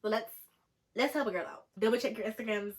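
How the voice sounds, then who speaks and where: A woman's voice: a little high, fast. A young woman vlogger telling a story in a chatty, sarcastic way, often mimicking the people she quotes. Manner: animated, sarcastic, jumps into mocking quoted voices. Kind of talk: storytime vlog.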